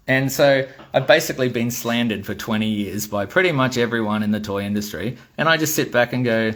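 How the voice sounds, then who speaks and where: A man's voice: medium pitch, brisk, few pauses, a bit bright. Middle-aged aussie guy ranting, blunt and fed up, swears a lot. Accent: Australian. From Australia. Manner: blunt, exasperated, swears freely. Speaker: toy designer. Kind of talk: ranting monologue.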